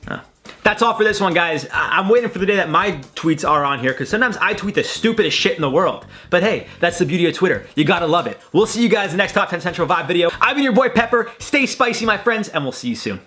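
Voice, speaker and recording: A man's voice: high-pitched, lively intonation, fast talker, pushed and bright, soft background music. A man hosting a casual show, rambling and chatty as he reacts to tweets from his room at home, swearing freely. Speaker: host.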